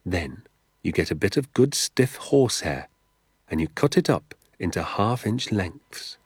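A man reading an audiobook, voicing a secretive, enthusiastic father who talks in a low, confiding hush and sometimes drops to a whisper. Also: very animated, unhurried, husky, no echo, clean studio sound, heavily acted. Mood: hushed explaining. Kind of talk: audiobook character voice.

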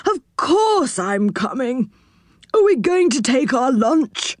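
A woman's voice: high-pitched, big pitch swings, takes it slowly, no room sound, clean studio sound, pitched above the performer's own voice, heavily acted. A woman voicing a deaf old man covered in saucepans, who mishears everything. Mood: puzzled.

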